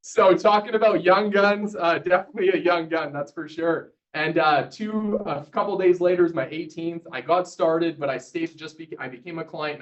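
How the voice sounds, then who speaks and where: A man in his twenties from Canada giving an energetic motivational speech to a live audience, telling his story and polling the crowd. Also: a little high. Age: 20s. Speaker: motivational speaker. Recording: distant, dull sound.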